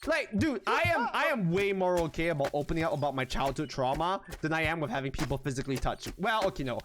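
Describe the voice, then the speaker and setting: Lively high-voiced male streamer. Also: fast, slight background noise. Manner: animated, excitable, swears freely, talks to chat. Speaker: live streamer. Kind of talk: casual live-stream chatter while gaming.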